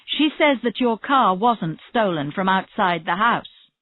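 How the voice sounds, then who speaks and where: A woman reading the part of a persistent female detective who questions a suspect, speaking slowly and steadily. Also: medium pitch, expressive, voice pushed up, lightly acted. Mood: probing. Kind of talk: reading a graded story aloud. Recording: tinny phone-like audio, dry.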